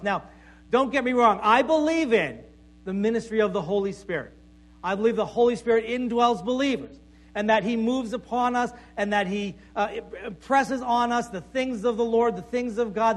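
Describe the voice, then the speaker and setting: A male pastor with a high voice preaches to a congregation in a conversational way, tagging lines with "right?" and stammering repeats. For emphasis he drops into soft, quiet tones.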